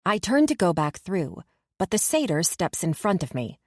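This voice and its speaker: Audiobook narrator: woman, lower register, measured first-person reading, dry booth. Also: very animated, no room sound.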